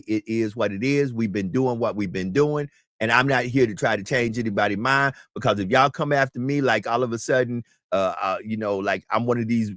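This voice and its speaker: A man's voice: fairly low pitch, dry recording, clean studio sound. A man speaking as a talk show guest, emphatic and preachy, often repeating his words. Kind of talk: casual talk show chat.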